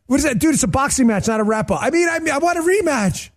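Male podcast host, high and lively voice, jokey rant style. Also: quick pace, few pauses. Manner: animated, joking, talks to his producer mid-show. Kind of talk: casual political rant.

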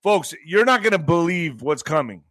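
A male host of a live online commentary show, talking in a rambling, excitable way that sometimes bursts into shouting. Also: a little high, moderate pace, dry recording.

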